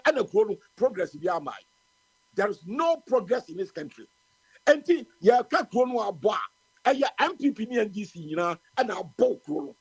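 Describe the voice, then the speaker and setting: A man's voice: high voice, husky, no echo, rough recording. A man with a Ghanaian accent giving impassioned political commentary on the radio, switching between Twi and English. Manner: impassioned, ranting. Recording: radio phone-in stream.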